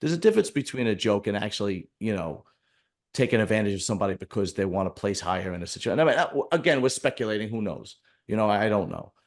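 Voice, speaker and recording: A man's voice: lowish voice, animated, fast talker. A man hosting a podcast in casual chat, rambling and blunt with many restarts. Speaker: podcast host.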